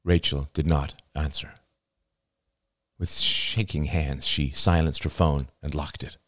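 A man narrating an audiobook chapter in an expressive, dramatic reading style. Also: extremely low pitch, slow, no echo, clean studio sound. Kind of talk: scripted narration.

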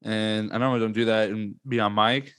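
A man chatting casually about online gaming as podcast host, animated and swinging up in pitch when he rants. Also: fairly quick, clean tone, no room sound, studio quality.

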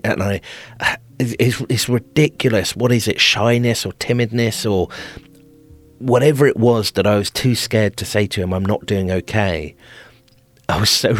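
Man from britain, fairly low voice, casual storytelling, self-deprecating, laughs a lot. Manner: self-deprecating, laughs often while telling. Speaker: podcast host telling a personal story.

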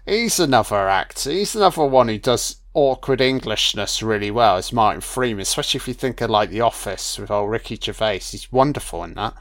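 A man's voice: on the low side, lively intonation, a little fast, few pauses, fairly bright tone, no echo. A man giving casual, irreverent film commentary, sarcastic and swearing constantly. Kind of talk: casual profane movie commentary.

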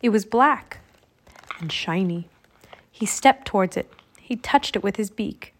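A woman reading a children's adventure book aloud in a steady storytelling manner. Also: medium pitch, measured pace. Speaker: audiobook reader.

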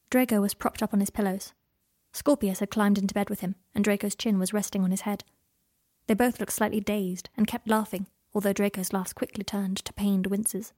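A woman narrating fan fiction in a calm, steady storytelling voice. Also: medium pitch, fairly quick, no room sound, studio quality. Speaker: reader.

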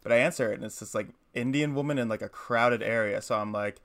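Speaking fast in a mid-range, fairly bright voice, this young man co-hosts a podcast. His storytelling in the casual chat meanders and leans heavily on fillers.

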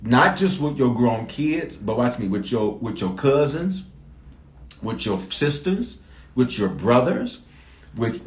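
A man's voice: mid-range voice, echoey room. A man answering audience questions as a bishop, in an emphatic, repetitive preaching cadence. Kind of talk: preaching Q&A talk.

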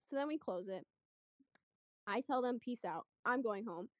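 A young woman telling a story in casual chat, chatty and animated, acting out what people said. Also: fairly high pitch, moderate pace, no room sound. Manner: chatty, animated retelling with quoted voices. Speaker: guest storyteller.

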